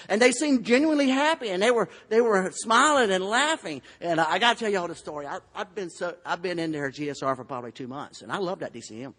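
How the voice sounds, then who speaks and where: A man's voice: high-pitched, lively intonation, fast talker, hardly any pauses, a bit bright. A man with a Southern US accent from Florida, telling his recovery story in a folksy, humorous way at a convention podium. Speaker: AA convention speaker. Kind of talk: recovery testimony talk. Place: large convention hall. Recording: long hall reverb.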